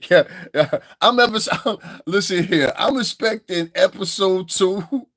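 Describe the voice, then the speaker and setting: A man's voice: high voice, lively intonation, unhurried, a bit bright, no room sound, clean studio sound. A man with a Northeastern US accent ranting on a livestream, swearing freely, laughing a lot and mocking voices. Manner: profane, laughing, mocks voices. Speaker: online commentator. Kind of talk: livestream commentary rant.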